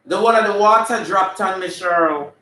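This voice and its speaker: A man's voice: high-pitched, moderate pace, pitched above the performer's own voice. Man playing a brassy Jamaican drag auntie, flamboyant, calls out names, faint room echo from a distance. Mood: sassy. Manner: flamboyant, shouting out viewers' names. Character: sassy female character in drag, full of attitude. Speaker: comedian hosting a live stream. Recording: echoey room, mic at a distance.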